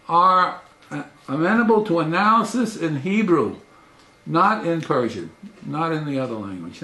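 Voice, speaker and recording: A man lecturing as a professor, his voice pitched a little above the usual for a man. He talks haltingly, restarting phrases and jumping up in pitch to stress key words. The room around him rings with echo. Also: a bit bright. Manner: halting, with repeated restarts and frequent pitch jumps for emphasis. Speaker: professor giving a talk.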